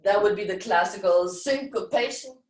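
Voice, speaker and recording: A woman teaching a live-streamed dance class, giving slow guiding cues and chanting rhythm syllables. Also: mid-range voice, darkish tone. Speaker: dance instructor. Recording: roomy echo, voice from far off the mic.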